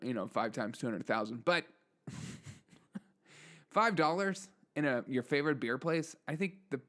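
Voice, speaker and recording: A man's voice: medium pitch, animated, a little slow, fairly bright tone. A man hosting his own news commentary show, delivering sarcastic remarks and chuckling often between lines. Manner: chuckles often, mocking asides. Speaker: show host.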